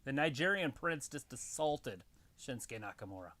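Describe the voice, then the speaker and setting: A man's voice: mid-range voice, expressive, normal speed, bright, forceful tone. A man co-hosting a casual live stream, making laid-back, wry remarks with short laughs. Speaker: co-host of a live wrestling watch-along stream.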